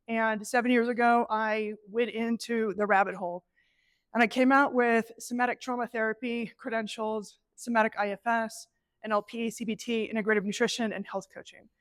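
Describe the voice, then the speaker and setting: A middle-aged woman presenting a live workshop, animated and conversational, acting out inner voices as she teaches. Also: on the high side, no echo. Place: event space with an audience.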